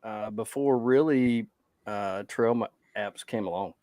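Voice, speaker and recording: A tired man co-hosting a podcast in casual chat. His voice sits fairly low, and he rambles and loses his train of thought. The recording is dry and close, with no room sound. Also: unhurried, warm tone, dry recording. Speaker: podcast co-host.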